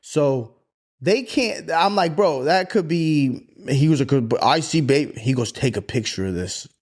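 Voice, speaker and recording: Man, thirties, podcast co-host, casual storytelling, heavy swearing, acts out voices, slightly high-pitched. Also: unhurried. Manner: profane, animated, acts out quoted voices.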